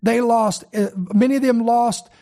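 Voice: mid-range voice, steady tone, measured pace, mellow. A preacher delivering a sermon, speaking earnestly, repeating key words for emphasis and addressing the listeners directly.

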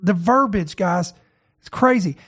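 A man's voice: high-pitched, a little slow, a bit bright, slightly rough. A man who leads a ministry, hosting an online show and delivering impassioned, indignant commentary full of rhetorical questions.

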